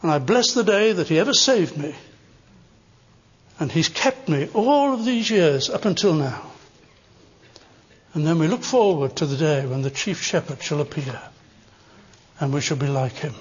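An older man delivers a sermon in a high, husky voice, leaning hard into repeated phrases. The sound is dull and muffled, with a long reverb trailing through a large hall. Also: lively intonation, moderate pace, long pauses. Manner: earnest, rising to emphatic stresses on repeated phrases. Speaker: preacher.

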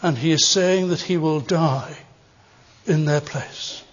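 An older man delivers a sermon in a high, husky voice, leaning hard into repeated phrases. The sound is dull and muffled, with a long reverb trailing through a large hall. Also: slow. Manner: earnest, rising to emphatic stresses on repeated phrases. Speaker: preacher.

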